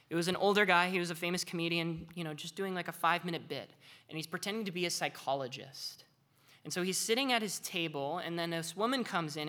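Bright, animated woman teaching the Bible. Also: on the low side. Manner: animated, conversational, earnest. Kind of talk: devotional teaching talk.

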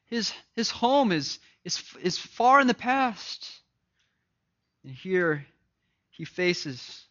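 A man preaching an impassioned sermon that swings between loud emphasis and hushed, grave lines, often repeating words. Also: fairly high pitch. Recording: dull lo-fi recording.

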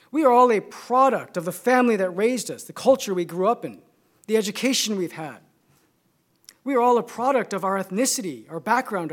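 Californian-accented male preacher, measured, emphatic, builds points by repetition. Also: high-pitched. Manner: measured and emphatic, building through repeated phrases. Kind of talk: sermon.

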